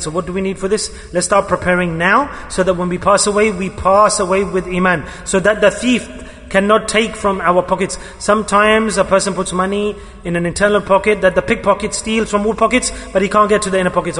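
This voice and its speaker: A man's voice: high-pitched, fairly bright tone. A male preacher delivering a sermon, emphatic, repeating key words and putting questions to his listeners. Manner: poses questions to the audience. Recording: echoey hall with long reverb.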